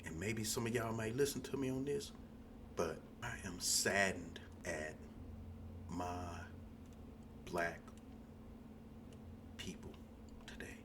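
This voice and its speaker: Preachy man, hushed to shouting. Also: on the low side, expressive, takes it slowly, pauses often, noisy background. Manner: starts hushed and intimate, builds to shouting. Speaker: podcast host. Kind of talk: impassioned monologue.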